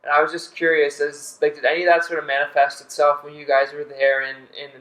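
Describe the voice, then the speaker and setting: Brief: male guest, bright tone, lively storyteller, echoey room. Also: on the high side, fast talker. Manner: animated anecdote teller. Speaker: podcast guest, volleyball player. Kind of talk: casual chat. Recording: roomy studio echo.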